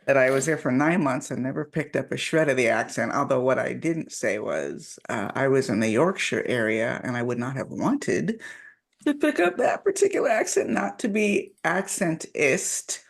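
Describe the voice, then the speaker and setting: A woman's voice: very deep voice, expressive, moderate pace, gravelly, hardly any pauses. A woman co-hosting a writing workshop over a video call, chatty and bubbly, laughing often. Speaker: workshop co-host. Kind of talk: casual workshop chat.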